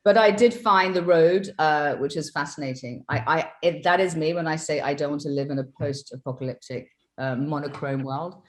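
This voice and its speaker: A British woman speaking on a video call as a film director. Her voice is lowish for a woman, and she talks thoughtfully, stopping often to search for words. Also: normal speed, hardly any pauses. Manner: thoughtful, many fillers.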